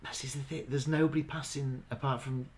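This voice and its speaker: A man, casually chatting as a podcast co-host and retelling scenes in halting bursts. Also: medium pitch, flat delivery, over a noisy crowd. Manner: chatty, halting, recounts scenes with quoted lines. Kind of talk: casual chat.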